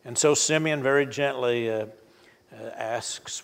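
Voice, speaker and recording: Older male preacher, mid-pitched, storytelling with fillers and restarts, reverberant hall. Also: vocal fry, clear, resonant tone. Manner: folksy, halting, many fillers and restarts. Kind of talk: sermon storytelling.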